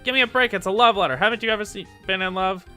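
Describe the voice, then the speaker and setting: A man's voice: high-pitched, rapid-fire, sharp tone, smooth, faint music behind. A man voicing a goofy, lovesick young man who talks in a whiny, flustered way. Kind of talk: game dialogue read-along.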